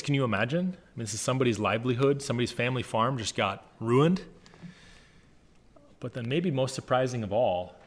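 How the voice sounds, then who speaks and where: Guy doing a chill bible study talk, mid voice, reads verses then riffs on them. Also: medium pitch. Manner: conversational, reads scripture aloud with emphasis. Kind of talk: casual Bible teaching.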